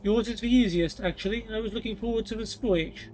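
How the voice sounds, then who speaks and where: A man voicing a formal, slightly halting royal translator who boasts of his languages. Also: high voice, a little mellow, slight background noise, natural voice, low-quality recording. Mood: boastful.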